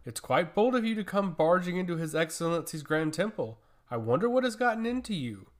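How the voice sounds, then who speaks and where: A man playing a cold, dismissive high priest. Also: brisk. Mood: cold calm. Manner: calm, cold, condescending.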